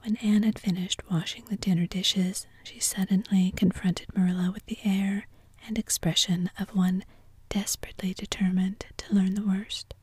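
A woman reads a story in a soft, breathy whisper, low and even in pitch, in a whispered role-play. The sound is dark and dry, with no room in it. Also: no room sound. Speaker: reader.

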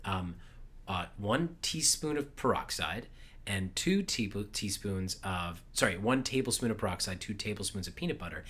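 A man in his thirties, co-hosting a casual podcast, telling stories with animated energy and frequent laughs. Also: on the low side, moderate pace, breathy edge. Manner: storytelling, animated, laughs often. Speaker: podcast co-host. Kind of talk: casual chat.

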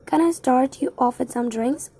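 A woman's voice: high voice, normal speed, vocal fry, warm tone, husky, heavily acted. Woman voicing a cheerful young waitress. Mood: welcoming. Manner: polite, welcoming.

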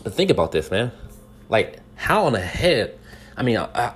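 This podcast commentator from California has a husky, medium-pitched voice with a sing-song lilt at normal speed. His casual news talk is earnest, full of rhetorical questions directed at the listener, plus many restarts and repeated words.

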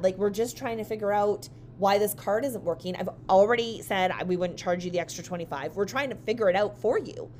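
Woman telling a story, animated. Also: medium pitch, brisk, hardly any pauses, slight background noise. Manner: animated, acts out quoted voices. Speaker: dance studio owner. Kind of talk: casual storytelling chat.

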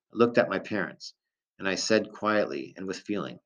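Low-voiced man narrating a novel. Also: expressive, moderate pace, fairly bright tone. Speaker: audiobook narrator. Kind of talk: first-person novel narration. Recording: dull lo-fi recording.

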